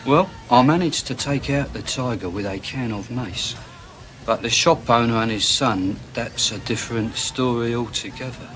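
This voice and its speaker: An actor with a British accent playing a boastful rock roadie, telling a wild tale in a matter-of-fact way. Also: male voice, mid-range voice, normal speed, fairly bright tone, a little hiss or hum, lightly acted. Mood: deadpan boastful. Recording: clip played with music under it.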